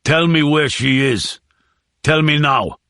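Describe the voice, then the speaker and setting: A man's voice: a little high, slow, sharp tone, dry recording, studio quality, voice pushed up, full character voice. A man voicing a huge, grieving, vengeful villager with a strained, intense voice in an audiobook. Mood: grim resolve. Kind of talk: audiobook character voice.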